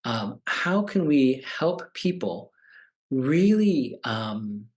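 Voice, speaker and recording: A man's voice: mid-range voice, sing-song, drawn-out words. A man in his forties, a meditation teacher, talking casually and animatedly, acting out the voices of people he quotes. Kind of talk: conversational talk.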